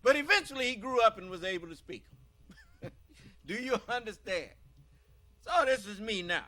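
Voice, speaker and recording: A man's voice: high-pitched, expressive, moderate pace, pushed and bright. An American man preaching a scripture-teaching sermon, emphatic and quizzing his listeners with questions.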